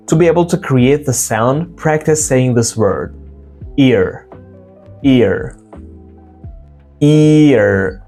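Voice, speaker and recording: A man giving a casual pronunciation lesson, explaining sounds and slowly repeating example words to demonstrate them. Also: medium pitch, a little mellow. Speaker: English pronunciation teacher.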